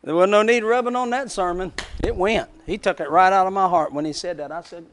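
A man's voice: high-pitched, fairly quick, hardly any pauses, a little hiss or hum. A man preaching a sermon, telling a story with emotive swells.

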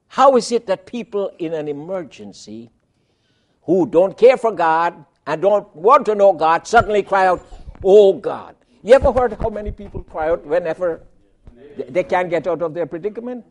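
A man preaching a sermon, emphatic, asking rhetorical questions and swinging between loud and soft. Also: high-pitched, expressive, moderate pace.

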